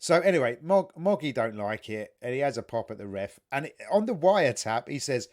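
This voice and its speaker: A British man co-hosting a casual podcast chat, animated, laughing often and swearing freely. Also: mid-range voice, a little fast, few pauses. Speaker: podcast co-host.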